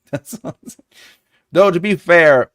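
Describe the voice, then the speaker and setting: A man's voice: on the high side, measured pace, a bit bright, dry recording, studio quality. A man hosting a casual livestream as a writing teacher, chatty and jokey, chuckling often and greeting viewers by name.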